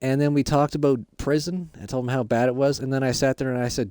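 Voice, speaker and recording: Dude playing a goofy hyped-up dad, rambles a lot, mid voice, dead dry mic. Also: male voice, medium pitch, quick pace, hardly any pauses, smooth, no echo. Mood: excited. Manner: rambling, excitable. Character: hyper, goofy dad fresh out of prison. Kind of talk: Minecraft role-play.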